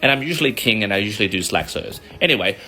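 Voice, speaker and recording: A man with an Australian accent, a mortgage broker telling an animated, swear-laced explainer story with sound effects. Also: lowish voice, rapid-fire, breathy edge, soft background music. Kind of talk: casual explainer monologue.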